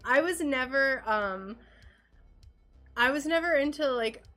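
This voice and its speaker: A woman's voice: high-pitched, animated, slow pace, fairly bright tone, soft background music. A woman with an American accent chatting casually to viewers while doing stained glass on a livestream, giggly and full of fillers.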